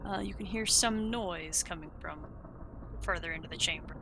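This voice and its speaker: A woman narrating a tabletop game as game master, describing scenes in an unhurried way. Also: fairly low pitch. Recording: noisy home recording.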